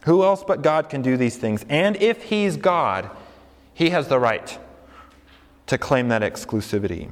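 A male pastor giving an animated sermon, with emphatic rises and slow, deliberate readings. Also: medium pitch, long reverb tail.

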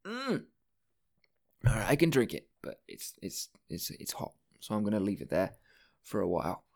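A man's voice: lowish voice, huge pitch swings, moderate pace, creaky, darkish tone. A man hosting a casual solo podcast, rambling from one thing to the next, swearing often and breaking off his own sentences. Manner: rambling, profane, self-interrupting. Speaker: podcast host.

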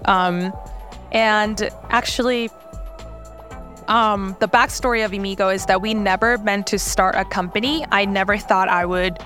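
A woman's voice: medium pitch, fairly bright tone. Korean-born woman chatting in an interview. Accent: light Korean. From South Korea. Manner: chatty, many fillers, laughs often. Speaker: startup founder, interview guest. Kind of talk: casual interview talk.

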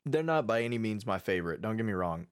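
A man's voice: on the low side, lively intonation, fast, smooth. Young man in loose sweary chat. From Texas, US. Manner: loose, swears a lot, emphatic slang. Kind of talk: casual chat.

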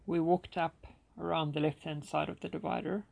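A man's voice: on the high side, level tone, moderate pace, vocal fry, a little mellow. A man telling a personal story with dramatic flair, acting out the dialogue as he goes. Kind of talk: personal anecdote told dramatically.

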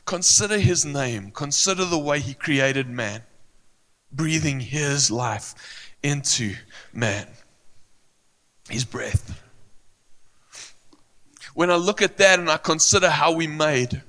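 Slow, earnest preaching man in a reverberant hall. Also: fairly high pitch, pushed and bright. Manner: earnest, emphatic, repeats phrases, with searching pauses. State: emotional. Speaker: pastor. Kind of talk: sermon.

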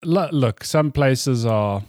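A man's voice: medium pitch, expressive, slow pace, darkish tone, no room sound, studio quality. A man co-hosting a podcast, telling rambling anecdotes in casual chat and laughing often. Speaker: podcast co-host.

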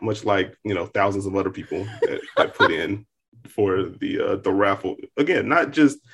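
A man's voice: low voice, moderate pace, fairly bright tone. A young man co-hosting a podcast, talking casually with lots of hedging and amused asides. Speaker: podcast co-host. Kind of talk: casual chat.

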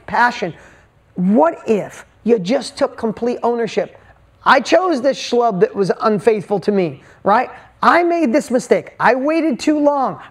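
A woman's voice: mid-range voice, creaky, darkish tone. A woman motivational speaker addressing a live audience from a stage, talking in short punchy bursts and firing rhetorical questions at the crowd.

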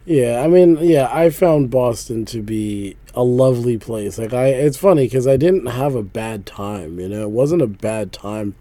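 A man from Philadelphia chats casually on a podcast, leaning into stories and breaking into laughter often. His voice sits at an average pitch, recorded close and dry with no room sound. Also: lively intonation, a little slow, hardly any pauses, dark tone, dry recording. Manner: laughs often, storytelling, repeats "like". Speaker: podcast co-host.

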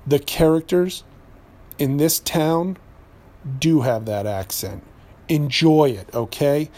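A man hosts his podcast in a loose, sarcastic rant, full of asides and self-corrections. He grew up in New Hampshire. His voice sits a touch higher than most men's. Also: slow pace, darkish tone. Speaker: podcast host and voice actor. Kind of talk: ranting podcast monologue.

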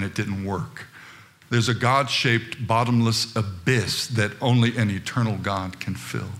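A man's voice: medium pitch, fairly bright tone. A middle-aged man preaching a sermon as pastor, emphatic and fervent.

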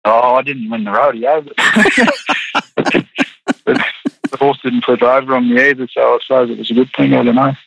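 A man's voice: mid-range voice, flat delivery, quick pace, gravelly, rough recording. An Australian man, a rodeo rider, chatting in an interview in a laid-back, rambling way full of restarts. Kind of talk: casual interview chat.

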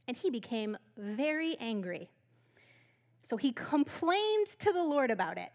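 High-voiced woman preaching with humor. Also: sing-song, measured pace. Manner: humorous, conversational storytelling. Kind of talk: sermon.

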